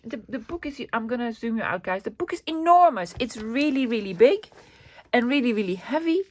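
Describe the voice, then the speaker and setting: Excitable woman. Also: fairly high pitch, a little fast, a little hiss or hum. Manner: chatty and excitable, with fillers and repeats. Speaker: vlogger showing a thrift haul. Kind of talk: casual chat.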